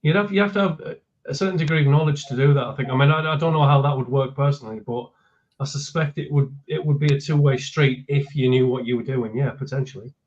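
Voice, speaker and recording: A man's voice: medium pitch, fast, darkish tone, highs cut off. A man co-hosting a casual chat, easygoing and agreeable, repeating words as he thinks.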